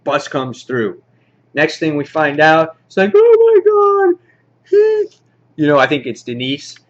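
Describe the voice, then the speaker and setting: A man casually reviewing a comic book, rambling excitedly and acting out the characters' lines. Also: on the high side, normal speed, lo-fi sound.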